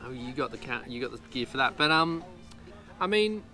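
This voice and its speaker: A man hosts a podcast in easygoing, joking chat. His voice has a bright, forward edge. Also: mid-range voice, animated, brisk, faint music behind. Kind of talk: casual chat.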